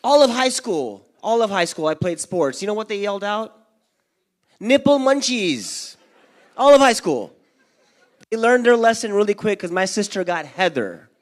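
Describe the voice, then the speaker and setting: A young man performing a stand-up comedy set for a live audience at a community event, doing lively crowd work and acting out his parents and friends. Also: sits high, normal speed.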